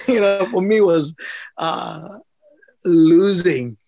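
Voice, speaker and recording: A middle-aged man, a former boxer telling stories in a casual interview, animated and laughing often. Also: sits high, takes it slowly. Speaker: former amateur boxer, guest.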